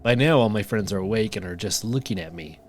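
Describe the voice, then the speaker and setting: A male podcast co-host reads a story aloud in a low voice, breaking off to joke. A faint hiss sits behind him. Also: fast. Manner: reads posts aloud, laughing and joking between lines. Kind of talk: reading stories aloud with banter.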